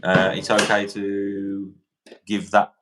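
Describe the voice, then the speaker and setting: A man's voice: fairly low pitch, completely flat delivery, slow pace, background noise. A man hosting an online debate, asking pointed questions with frequent restarts. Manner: probing, repetitive questioning with restarts. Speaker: debate host.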